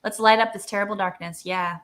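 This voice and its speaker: A woman's voice: medium pitch, steady tone, fairly bright tone. Supportive woman co-hosting a livestream. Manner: supportive, chatty, quick to laugh along. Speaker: livestream co-host. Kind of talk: casual livestream chat.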